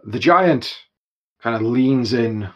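A young man narrating a tabletop game as game master, in an animated style with chuckles. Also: medium pitch, takes it slowly, lo-fi sound.

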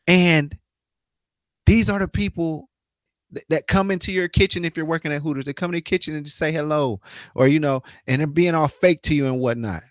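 A man's voice: fairly high pitch, brisk, no room sound, studio quality. A man co-hosting a sports podcast, talking loosely and joking, laughing often. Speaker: podcast co-host. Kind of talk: casual sports chat.

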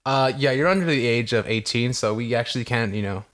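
A young man spins a casual podcast story with lots of swearing. He jumps into quoted lines as he acts out the scene, and his voice sits at an ordinary male pitch. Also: a little fast, a bit bright. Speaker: podcast co-host.

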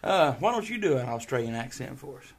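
A man's voice: medium pitch, sing-song, fairly quick, gravelly, breathy edge. Playful man hosting a podcast. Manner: playful, quizzing. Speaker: podcast host. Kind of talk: casual chat.

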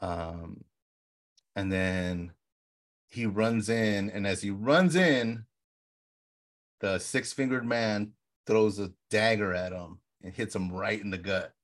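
A man co-hosting a casual podcast, excitedly retelling film scenes with lots of fillers and acted-out quotes. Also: lowish voice, takes it slowly, long pauses. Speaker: podcast co-host. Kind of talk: casual film rewatch chat.

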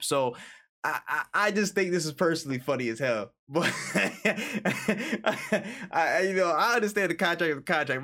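A man co-hosting a casual gaming podcast, animated and profane, acting out imagined quotes. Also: fairly high pitch. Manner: animated, acts out quotes, swears freely. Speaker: podcast co-host.

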